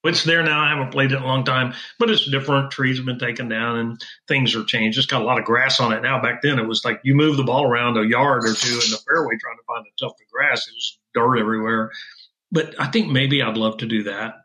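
A man's voice: medium pitch, fairly even intonation, brisk, pushed and bright, poor audio. A middle-aged man who designs golf wedges, telling stories in an interview with an emphatic, self-assured manner. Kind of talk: interview conversation.

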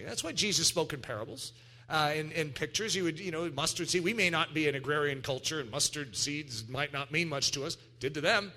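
A man preaching a sermon, animated, acting out voices and breaking into sudden shouts. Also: fairly high pitch, brisk. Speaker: pastor.

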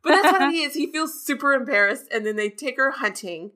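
A woman co-hosting a podcast, recapping a book in casual chat with animated, gushing enthusiasm. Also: sits high, brisk. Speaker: podcast co-host.

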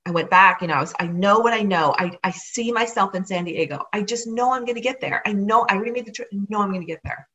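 A woman telling a personal story in an animated way, acting out what others said. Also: mid-range voice, fast talker, hardly any pauses. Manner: animated, acts out others' words.

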